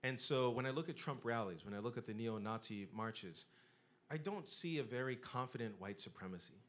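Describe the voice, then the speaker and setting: A middle-aged man delivers a talk at mid pitch, steady and earnest. He stacks his points in rhetorical lists and lifts his voice on the key words. The delivery is impassioned, like a lecture to a live group. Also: fairly quick. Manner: rhetorical, building lists with emphatic rises. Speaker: speaker giving a talk.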